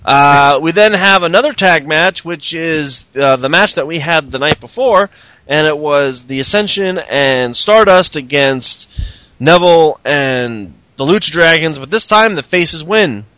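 Lively, bright-voiced man in casual chat. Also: on the high side, unhurried, dry recording. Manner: lively, profane, acts out wrestlers' lines in put-on voices. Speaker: podcast co-host recapping wrestling.

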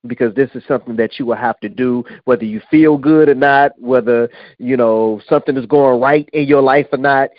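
A man's voice: medium pitch, fairly quick, few pauses, no room sound. A man hosting a radio show, speaking in a laid-back, plain-spoken, streetwise way. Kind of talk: casual on-air announcement. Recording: dull lo-fi audio.

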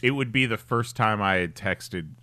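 A man's voice: fairly low pitch, normal speed, bright, forceful tone, dry recording. A man co-hosting a casual podcast, joking and teasing his friends. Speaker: podcast co-host.

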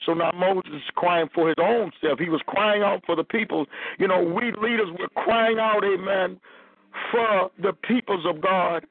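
Male minister, phone-line sermon, raspy, fairly high-pitched, very dry sound. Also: unhurried, no room sound. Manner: preaching, reading scripture aloud.

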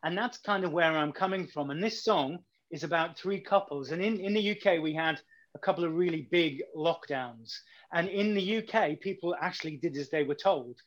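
A man's voice: fairly high pitch, normal speed. British guy being interviewed, self-deprecating jokes, kinda muffled lo-fi audio. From Britain. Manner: jokey, chatty, self-deprecating. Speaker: singer-songwriter guest. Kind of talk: casual interview chat.

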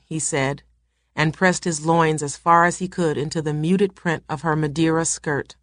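A woman narrates a novel in a low, steady voice. The pace is measured, and she keeps the narration even. It sounds close to the mic in a dry space. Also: no room sound. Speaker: reader. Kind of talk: reading a novel aloud.

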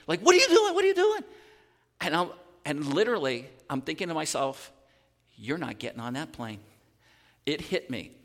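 A male pastor preaches, breaking into animated, tumbling storytelling full of restarts and repeated words. His voice sits a touch higher than most men's. It rings out with a long reverb in a big church hall. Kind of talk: sermon with personal story. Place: church sanctuary.

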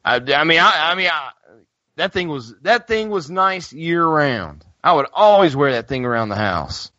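A man co-hosting a podcast, telling stories in a casual, animated chat. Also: fairly high pitch, normal speed, dry recording, lo-fi sound. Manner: animated storyteller, laughs often. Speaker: podcast co-host.

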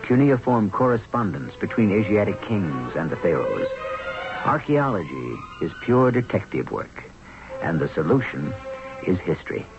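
Deep-voiced dramatic radio host. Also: male voice. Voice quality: theatrical, insistent. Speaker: host and narrator. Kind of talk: dramatic scripted radio narration. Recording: dull lo-fi old radio broadcast with music.

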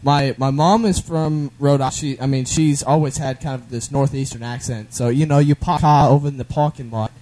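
A man's voice: medium pitch, fairly even intonation, moderate pace, hardly any pauses, warm tone, slight background noise, low-quality recording. A man appearing as a guest DJ, chatting easily and laughing often. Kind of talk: casual chat. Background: music.

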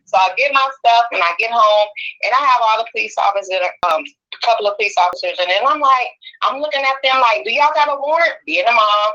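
Bright, animated woman on a muffled phone line. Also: a little high, quick pace. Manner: animated, repeats herself and restarts sentences, keeps checking in with the listener. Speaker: caller. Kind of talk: personal storytelling on a call-in show.

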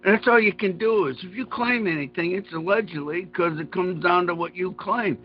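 A man's voice: high voice, normal speed, dull audio. A man in casual chat who rambles through emphatic, profane rants.

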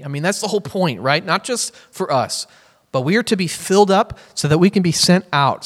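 A man's voice: a little high, a bit bright. A man preaching a sermon in a casual, joking way as he teaches from the Bible. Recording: reverberant hall.

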